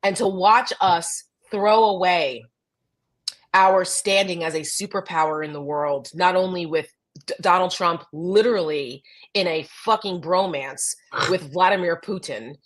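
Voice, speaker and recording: A woman's voice: on the low side, a little slow. Blunt New Jersey woman co-host. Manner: animated and blunt, swears freely. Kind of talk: casual political chat.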